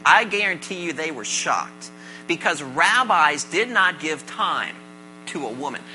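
A pastor giving a sermon to a congregation, mixing jokes with scripture and calling on listeners with quick questions. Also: medium pitch, lively intonation, pushed and bright, faint music behind, low-quality recording. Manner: calls on the congregation with "right?" and questions. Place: church service before a congregation.

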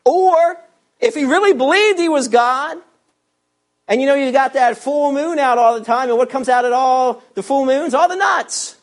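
A man's voice: very high voice, normal speed. A man preaching a sermon, teaching verse by verse and asking his listeners rhetorical questions with strong emphasis. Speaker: pastor.

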